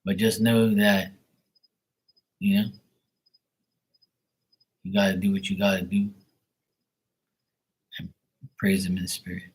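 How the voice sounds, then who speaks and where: A man with a slightly low voice, venting on a casual livestream. He curses freely and circles back to the same complaint again and again, irritated but talking straight to his viewers. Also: flat delivery, slow, pauses often, breathy edge, rough recording. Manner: irritated, profane, ranting. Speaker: livestream tarot reader.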